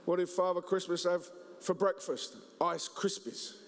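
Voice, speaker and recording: A man preaching a humorous Christmas sermon, joking and telling stories in an animated way. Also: high voice, a little slow, a crowd in the background. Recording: reverberant hall.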